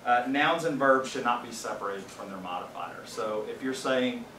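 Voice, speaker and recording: A man leads a training session in a casual, explanatory way and drops wry asides now and then. His voice sits at a middling pitch. It is picked up from a distance in a roomy space with a faint hum of ambience behind it. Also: moderate pace, bright, forceful tone. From Louisiana. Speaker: faculty trainer. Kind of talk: casual presentation to a live group. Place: training room with a small audience.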